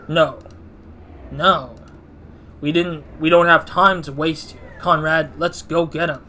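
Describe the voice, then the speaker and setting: A man's voice: fairly high pitch, steady tone, slow pace, bright, forceful tone, a little hiss or hum. Man reading as a terse government agent. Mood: urgent.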